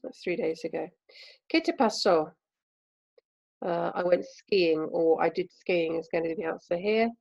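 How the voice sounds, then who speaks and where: An English woman, a language teacher, giving a recorded remote lesson with patient, clear explanations and frequent pauses. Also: on the low side, darkish tone, dull audio.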